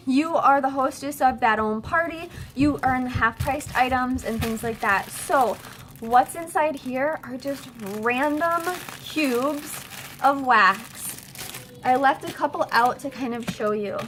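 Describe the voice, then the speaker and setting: A woman who works as a direct-sales consultant, giving quick, chatty how-to tips at home, full of fillers and restarts. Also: high voice, a bit bright, slight background noise. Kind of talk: casual how-to video.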